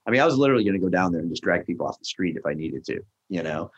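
Animated man telling a story. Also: low voice, very fast, breathy edge, dull audio. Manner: animated storyteller acting out quoted dialogue. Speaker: guest, restaurant founder. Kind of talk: casual storytelling chat.

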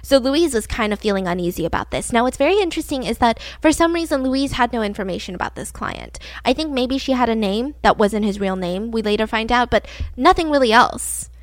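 A woman's voice: on the high side, expressive, brisk, few pauses, no room sound. A woman casually retelling a true-crime story, chatty and full of "like", acting out the quotes. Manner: chatty, peppered with "like", acts out quotes.

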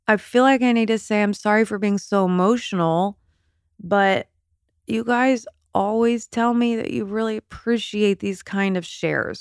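A woman's voice: medium pitch, no room sound, studio quality. A woman hosting her own podcast from bed, talking in an emotional, chatty, confiding way. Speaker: podcast host. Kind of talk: casual solo podcast talk. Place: in bed at home.

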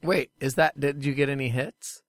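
A man's voice: medium pitch, steady tone, normal speed, no echo. A man co-hosting a podcast in casual chat, blunt and teasing with his friend. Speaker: podcast co-host.

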